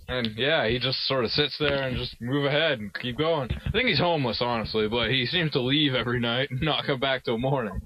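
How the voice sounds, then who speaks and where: A young man playing a mock-formal talk show host in an improvised comedy sketch, calling his guest "sir", recorded in a parked car. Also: mid-range voice. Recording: slightly dull lo-fi sound.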